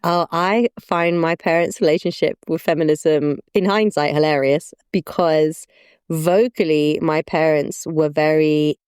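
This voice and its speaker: A woman co-hosting a podcast, telling animated stories and laughing often. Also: low-pitched, a little slow, smooth, no room sound, studio quality. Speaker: podcast co-host. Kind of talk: casual conversational chat.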